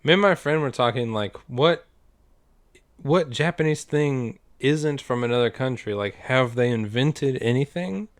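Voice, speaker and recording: A man's voice: mid-range voice, expressive, unhurried. A man from the United States co-hosting a casual podcast chat, loose and profane, laughing as he talks. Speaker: podcast co-host.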